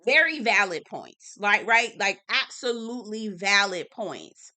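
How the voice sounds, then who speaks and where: Bright-voiced, blunt woman vlogger. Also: mid-range voice, a little slow. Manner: blunt, animated, swears, talks straight to viewers. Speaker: TV review vlogger. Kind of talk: casual reality-TV recap.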